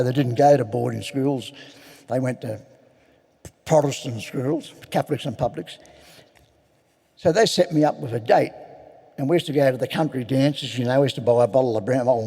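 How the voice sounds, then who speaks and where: This older Australian man's mid-range voice is warm and slightly rough. Addressing a convention audience as an AA speaker, he recounts his recovery in a frank, plain-spoken way, laughing at himself, with long hall reverb around him.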